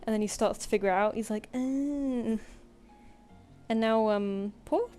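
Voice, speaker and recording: A British woman chats loosely on a home live stream, with a mellow, soft-edged tone. She coos at her cat and gives it little commands between asides to her viewers. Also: mid-range voice, flat delivery, a little fast, clean tone, soft background music. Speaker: artist streamer. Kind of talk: casual live-stream chat. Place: home room.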